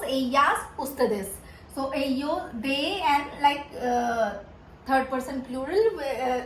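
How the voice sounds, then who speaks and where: Woman tutor, Hindi native speaker, unhurried and halting, faint hum behind her. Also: high voice. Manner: hesitant, many pauses and fillers. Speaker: Spanish tutor. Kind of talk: slow explanatory lesson. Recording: echoey room with faint background hum.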